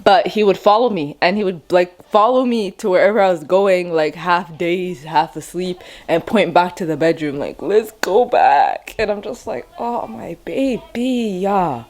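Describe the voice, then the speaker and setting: Woman, stay-at-home mom vlogger, lower pitch, weary, casual and blunt, talking straight to camera. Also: normal speed, few pauses, a little mellow. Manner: chatty, rambling, frank. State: tired. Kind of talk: casual vlog talk to camera.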